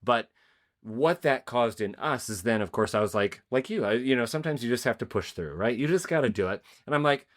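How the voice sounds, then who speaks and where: A man's voice: medium pitch, expressive, fairly quick. A man hosting a podcast, telling a personal story in an earnest, rambling way with many restarts. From Spokane, Washington area. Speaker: podcast host. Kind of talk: conversational interview.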